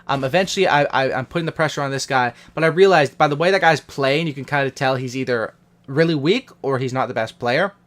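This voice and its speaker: A man's voice: mid-range voice, fast talker, fairly bright tone. A young man hosting a gaming channel, talking casually and with hype through post-game commentary on his own match. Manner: hyped, casual gamer talk.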